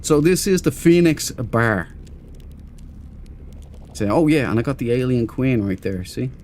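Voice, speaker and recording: A man's voice: medium pitch, a little slow, a little mellow, a little hiss or hum. A man hosting a casual game stream, chatty and self-mocking, greeting viewers in chat by name. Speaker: gaming livestream host.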